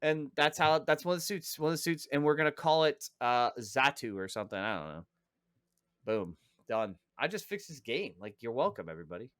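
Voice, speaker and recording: A man's voice: mid-range voice, expressive, fairly quick, fairly bright tone, no echo, clean studio sound. A man co-hosting a casual podcast, ranting and joking in a sarcastic, profane way. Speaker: podcast co-host.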